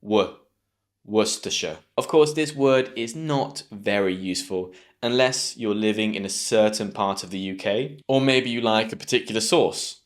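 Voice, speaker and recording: A man with a British accent giving an online English pronunciation lesson, patient and clear, slowing down to drill each sound. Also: fairly low pitch.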